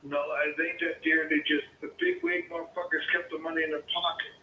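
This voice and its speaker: Combative profane caller in an echoey room. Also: male voice, on the high side, level tone, brisk, pushed and bright, slight background noise. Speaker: caller, homeowner. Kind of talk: heated phone argument.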